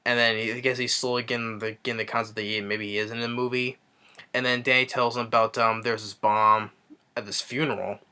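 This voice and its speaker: A man with a bright, forward voice talks through a film's plot in a loose, casual review. He rambles eagerly, doubling back on words and piling up fillers as he recounts the scenes. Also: mid-range voice, flat delivery, a little fast, smooth. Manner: rambling, eager retelling with many restarts and fillers. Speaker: movie reviewer. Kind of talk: casual spoken movie review.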